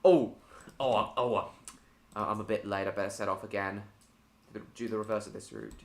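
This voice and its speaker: A man's voice: lowish voice, fairly even intonation, normal speed, gravelly, darkish tone, echoey room. A man chatting casually on a live stream while gaming, answering viewers by name with many hesitant ums.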